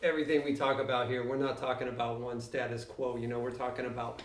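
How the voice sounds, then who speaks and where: A man co-hosting a podcast in relaxed, chatty casual talk. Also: medium pitch, fast talker. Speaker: podcast co-host. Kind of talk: casual chat. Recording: echoey, distant from the mic.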